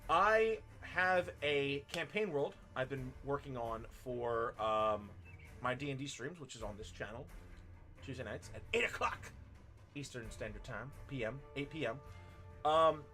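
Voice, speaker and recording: A man's voice: medium pitch, bright, forceful tone. A man in his thirties chatting casually on a stream, telling a story with a lot of swearing and laughter. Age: 30s. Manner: profane storytelling, laughing often. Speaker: streamer and teacher.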